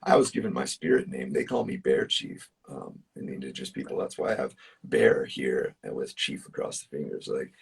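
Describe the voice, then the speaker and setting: A man's voice: a bass voice, big pitch swings, fairly quick, gravelly, slightly rough, far from the mic. A man, a musician guest, telling personal stories in casual chat, earnest and emphatic, with plenty of fillers. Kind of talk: casual storytelling.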